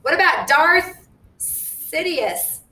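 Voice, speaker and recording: A woman's voice: sing-song, extremely slow, pushed and bright, heavily acted. A woman voicing a sly, eager young schoolboy who talks in an eager, needling way. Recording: echoey room, distant mic, faint rumble.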